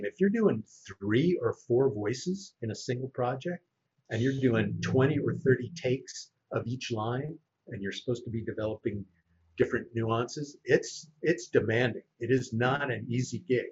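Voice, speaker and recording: A man's voice: mid-range voice, moderate pace, breathy edge, highs cut off. A man who works as a voice actor, telling anecdotes in a casual chat. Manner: animated anecdote teller. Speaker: voice actor guest.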